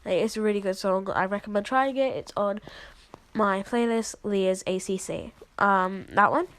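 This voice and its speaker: A woman's voice: mid-range voice, moderate pace, fairly bright tone. Coughing sick woman, chatty vlog. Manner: chatty and apologetic, lots of fillers. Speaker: video creator showing her editing process. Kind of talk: casual screen-recording walkthrough.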